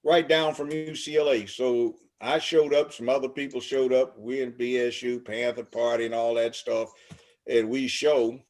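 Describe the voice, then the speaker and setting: A man's voice: mid-range voice, flat delivery, moderate pace, a little mellow. An older man from Los Angeles, talking as an interview guest in an emphatic, preachy way with long lists. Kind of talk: casual interview talk.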